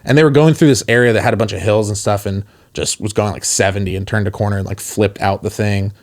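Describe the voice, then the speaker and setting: A man with a slightly low voice tells a long, meandering story on a casual podcast. He laughs often between his words and keeps going as a loose, chatty co-host. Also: fairly even intonation, quick pace. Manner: rambling storyteller, laughs often mid-sentence. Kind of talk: casual chat.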